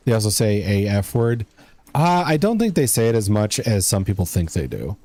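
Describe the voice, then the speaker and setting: A young man talks his way through a game stream, rambling and chatty as he answers his viewers. His voice sits low and mellow, unhurried in tone even when he drifts off topic. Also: no echo. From United States. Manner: rambling, chatty, talks to chat while playing. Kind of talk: casual gameplay commentary.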